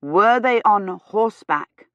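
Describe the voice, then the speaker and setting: A woman reading aloud, voicing a young knight who speaks slowly and stresses every word. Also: on the low side, no room sound, close to an everyday voice. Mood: deliberate. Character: earnest young knight, slow and over-distinct. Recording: slightly dull, dry audio.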